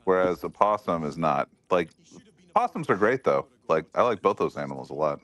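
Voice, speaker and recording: A man's voice: low voice, sing-song, normal speed, fairly bright tone, dry recording. A man from Alaska co-hosting a podcast in casual banter, blunt and swearing, rattling off nerdy animal facts. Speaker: podcast co-host.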